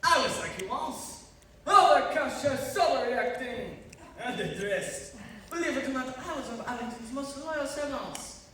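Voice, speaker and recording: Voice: medium pitch, sing-song, moderate pace, a bit bright. A performer playing a scheming chef who puts on a bad French accent, with hammy, evasive delivery. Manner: hammy, evasive, nervous laughter. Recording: echoey room, distant mic, faint noise.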